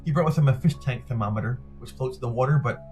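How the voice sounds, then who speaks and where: A man's voice: mid-range voice, quick pace, soft background music. A middle-aged man, an interview guest, recounting a personal story animatedly and acting out the dialogue. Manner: animated, acts out quoted dialogue.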